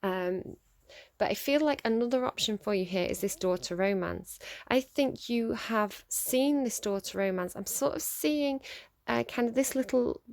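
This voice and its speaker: A woman giving a solo tarot reading, musing aloud with halting phrases, frequent ums and restarts, and laughs at her own slips. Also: fairly high pitch, creaky, a little mellow. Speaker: tarot reader.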